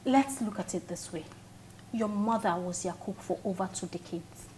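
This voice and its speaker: A woman's voice: mid-range voice, normal speed, darkish tone, a little hiss or hum, lightly acted. A young woman with a Nigerian accent playing a level-headed best friend who talks casually and reasons things out. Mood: reasoning.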